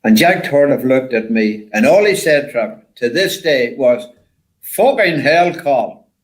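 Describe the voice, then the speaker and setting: An older man, a former rally driver, telling stories in a rambling, animated way with lots of repeated words. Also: medium pitch, normal speed, rough recording. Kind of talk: casual storytelling chat.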